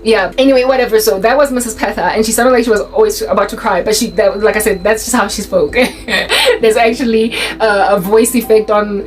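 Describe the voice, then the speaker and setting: A woman tells a school story in a casual vlog, animated and laughing often. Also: fairly high pitch, brisk, faint music behind, rough recording. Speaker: YouTuber.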